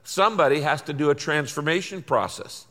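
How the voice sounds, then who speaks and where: A man's voice: fairly high pitch, fairly quick, pushed and bright, big-room sound. An older man preaching a sermon, folksy and emphatic, with lots of repetition. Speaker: pastor.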